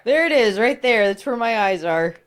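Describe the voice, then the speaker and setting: A woman's voice: on the high side, expressive, normal speed, clear, resonant tone. A woman from Canada chatting on a podcast, giggly and chatty, swearing casually. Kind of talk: casual chat.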